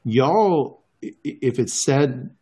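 A man's voice: lowish voice, fast talker, a little mellow, slightly rough. A man chatting casually as a podcast co-host, opinionated and playful. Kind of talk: casual chat.

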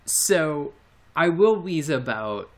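A man's voice: fairly high pitch, expressive, takes it slowly. A man co-hosting a podcast in casual chat, rambling and hesitant, with frequent fillers and restarts. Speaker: podcast co-host.

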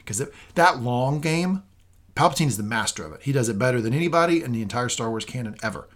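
Excitable, swearing male podcast co-host. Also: medium pitch, fast talker. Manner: excitable, animated, swears freely. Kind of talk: casual review chat.

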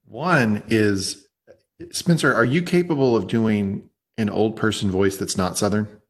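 Husky-voiced man teasing on a podcast. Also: on the low side, unhurried. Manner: teasing, profane. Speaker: podcast co-host. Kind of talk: casual chat.

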